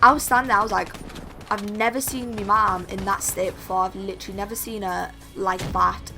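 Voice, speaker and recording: A woman's voice: medium pitch, steady tone, brisk, over music. A young woman telling a chatty story to camera, full of "like" and "literally". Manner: chatty, constantly says "like" and "literally". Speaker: vlogger. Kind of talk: storytime monologue.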